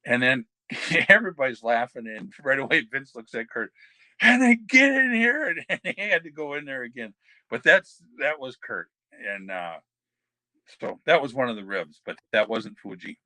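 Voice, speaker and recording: An older man, a former wrestler appearing as a podcast guest, shares backstage anecdotes in an animated, sharp-toned mid-range voice at a moderate pace. He rambles with many fillers and restarts, and there is no echo.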